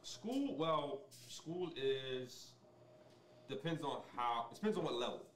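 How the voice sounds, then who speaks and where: A man speaking as a sommelier guest in a casual interview, explaining things in a relaxed way with many ums and restarts. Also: medium pitch, slow, echoey room, far from the mic, a little hiss or hum.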